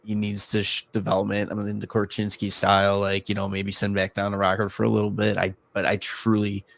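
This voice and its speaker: A man talks hockey on a podcast in a low, gravelly voice. He stumbles and restarts often as he chats casually, and the sound is close and dry. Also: completely flat delivery, a bit bright, dry recording. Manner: halting, many restarts and fillers. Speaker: podcast co-host. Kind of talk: casual sports chat.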